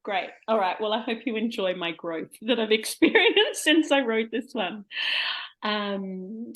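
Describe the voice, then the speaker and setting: Slow-talking, giggly woman poet. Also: a little high, animated, fairly bright tone. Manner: giggly, bashful. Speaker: poet and podcast guest. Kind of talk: casual interview chat.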